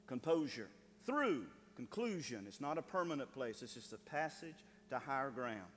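High-voiced preacher man in echoing hall. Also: very animated, moderate pace, a little hiss or hum. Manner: emphatic, calls for amens, swings from loud to hushed. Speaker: pastor. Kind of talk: sermon.

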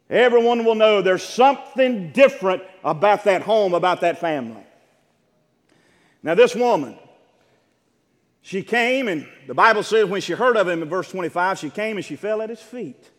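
Impassioned high-voiced male preacher. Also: animated, normal speed, pauses often, in a large hall. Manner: impassioned, swelling to shouted peaks; repeats phrases for emphasis. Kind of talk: sermon.

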